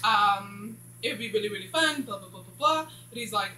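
A woman's voice: medium pitch, animated, fairly quick, sharp tone. A woman casually recapping a TV episode, rambling and skipping dialogue with "blah, blah.". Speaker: TV show reviewer. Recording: echoey room with faint hum.

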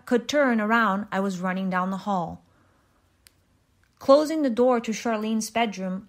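A woman reading a short story aloud in an even, measured way, with small restarts. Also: fairly high pitch. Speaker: reader.

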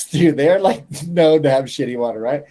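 A man telling stories on a casual podcast, profane and animated, acting out the quotes in them. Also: fairly high pitch, moderate pace. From Colorado. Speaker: guest fighter.

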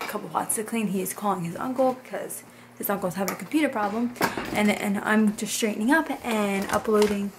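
A woman's voice: medium pitch, noisy background. A young woman, a mother, talking casually to her camera in a family vlog, gushing and sentimental about her baby. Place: home and car.

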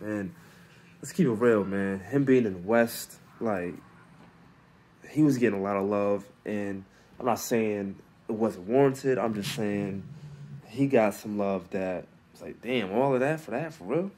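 A man hosting a casual solo recap, talking in loose slang with lots of restarts, fillers and quiet asides. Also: fairly low pitch, a little hiss or hum. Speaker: battle rap recap host.

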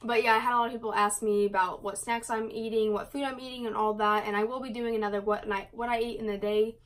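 A woman's voice: a little high, flat delivery. Chatty young woman vlogging to camera. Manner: chatty, fast, with many likes and ums. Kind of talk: casual chat to camera.

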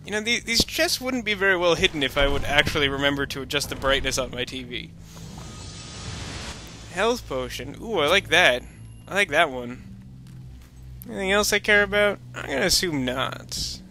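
Bright-voiced joking gameplay commentator. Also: male voice, on the high side, lively intonation, normal speed, a little hiss or hum. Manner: rambling, jokey, sarcastic asides. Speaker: let's-play commentator.

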